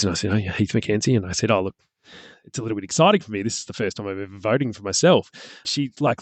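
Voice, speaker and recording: A man's voice: fairly low pitch, no echo. An Australian man in his thirties, a former candidate telling rambling anecdotes in casual chat. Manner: rambling storyteller with many restarts.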